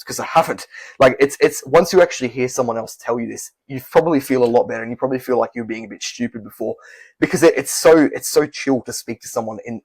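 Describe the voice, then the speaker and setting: Brief: young guy, casual vlog advice, quick and rambling, husky tone, dry close mic. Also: mid-range voice, darkish tone, dry recording. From Australia. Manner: fast, rambling, candid with self-corrections. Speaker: language learning YouTuber.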